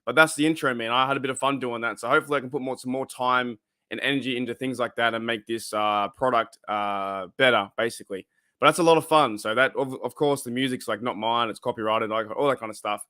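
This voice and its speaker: A man's voice: mid-range voice, fast talker, sharp tone, no echo, clean studio sound. Australian man chatting casually on a live stream. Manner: rambling, greets chat viewers, frequent fillers. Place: his room at home.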